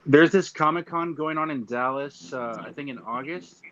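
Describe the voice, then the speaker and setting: A man from Texas, chatting in a relaxed, halting way in a group talk. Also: on the high side, lo-fi sound, background noise. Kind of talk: casual group chat.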